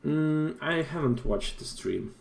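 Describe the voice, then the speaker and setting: A man hosting a casual group chat while playing a game, relaxed and joking. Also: a little high, slow, creaky, roomy sound, heavy background noise. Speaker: host of a game stream.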